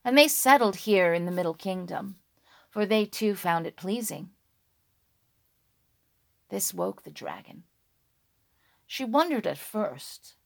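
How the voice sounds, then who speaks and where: A woman telling a dragon folk tale slowly and dramatically, dropping to a hush and rising on key words. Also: medium pitch, creaky. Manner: slow, hushed and dramatic, with sudden loud words. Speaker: storyteller.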